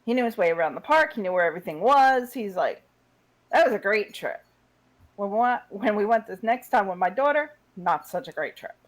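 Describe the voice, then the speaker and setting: A woman in her forties co-hosting a radio talk show, telling a story in brisk, casual chat. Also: medium pitch, animated, low-quality recording. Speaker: radio co-host.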